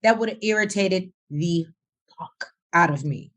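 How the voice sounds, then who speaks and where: Low-pitched woman recapping reality tv, acts out everybody's lines, cusses a lot. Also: measured pace. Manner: animated storytelling, acts out quotes, swears freely. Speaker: podcast co-host. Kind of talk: casual reality TV recap chat.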